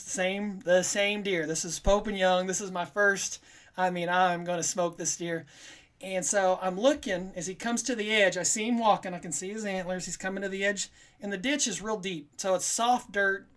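A man telling a long hunting story on a casual podcast, rambling and animated, acting out what people said. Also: high voice. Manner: rambling, animated, quotes himself in little voices.

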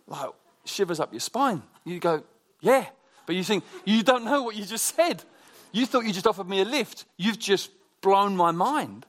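A man delivers a relaxed sermon, his voice sitting a touch higher than most men's. He tells stories in a chatty, animated way, often restarting his sentences as he goes. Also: a little slow, pauses often. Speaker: preacher. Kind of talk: conversational sermon with personal stories.

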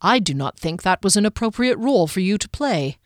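A woman's voice: medium pitch, very animated, brisk, no room sound, clean studio sound, lightly acted. A woman narrator voicing a stern, earnest male knight who speaks formally and reprovingly.

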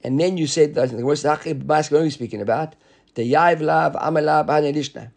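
Fast-talking husky man teaching Talmud. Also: on the high side, darkish tone. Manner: explains rapidly, repeats words while reasoning aloud. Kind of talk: Talmud study class.

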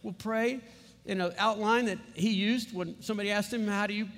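A man preaching a sermon as pastor, emphatic and building to loud stresses on key words. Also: sits high, steady tone, normal speed. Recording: long hall reverb.

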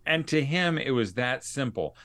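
A man's voice: medium pitch, animated, normal speed, a bit bright. A man hosting a podcast, telling stories in an earnest, conversational way to his listeners. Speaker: podcast host. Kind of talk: casual podcast monologue.

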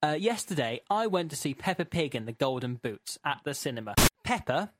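A young man co-hosting a podcast, telling a comic story as an incredulous, animated rant with laughing asides. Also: a little high, a little fast, very noisy. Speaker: podcast co-host.

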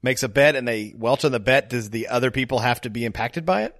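A man's voice: medium pitch, quick pace, a bit bright. A man co-hosting a podcast in a casual movie-recap chat, joking, laughing often and acting out lines from the film. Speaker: podcast co-host.

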